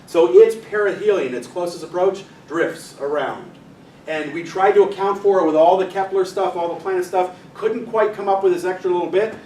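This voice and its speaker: His voice is high with a darkish tone and a moderate pace. This physics teacher addresses a club audience in a meeting room with a loose astronomy lecture, chatting, joking and directing helpers during a demonstration. The distant mic picks up room echo and faint noise.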